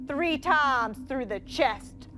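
A woman author reading her own story aloud in a slow, deliberate way. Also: high-pitched, animated, bright, forceful tone.

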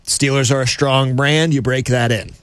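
A man co-hosting sports radio, chatting casually with playful, drawn-out emphasis. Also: medium pitch, steady tone, fairly bright tone.

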